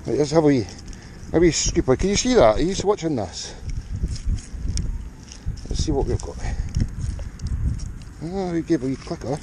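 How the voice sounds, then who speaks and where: A man's voice: on the high side, big pitch swings, normal speed, pauses often, background noise. A Scottish man in a cold field, giving upbeat, chatty running commentary to his viewers as he digs for finds. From Scotland. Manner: chatty, upbeat, talks straight to the viewers while digging. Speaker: metal detecting vlogger.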